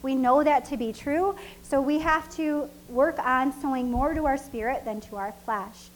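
A woman's voice: sits high, moderate pace, slight background noise, poor audio. A woman preaching a sermon in a casual, conversational way that repeats its points and breaks into laughter. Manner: conversational and repetitive, with frequent laughs.

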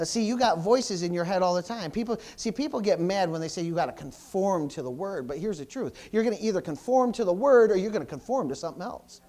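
A man in his forties preaching a sermon to a congregation as pastor, animated and conversational, peppering his talk with praise interjections. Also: high voice. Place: church before a congregation.

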